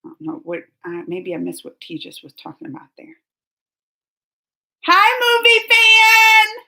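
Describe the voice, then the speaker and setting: A woman's voice: lowish voice, flat delivery, fast, gravelly, warm tone. A woman hosting a casual live stream, chatting and giggling as she reads viewer comments aloud. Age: adult under 45. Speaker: reaction channel host reading live chat.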